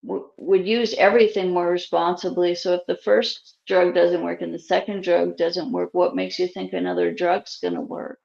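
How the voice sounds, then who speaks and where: Gravelly-voiced woman, frank and opinionated. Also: on the low side, steady tone, normal speed, few pauses, darkish tone, lo-fi sound. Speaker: host. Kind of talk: casual conversation.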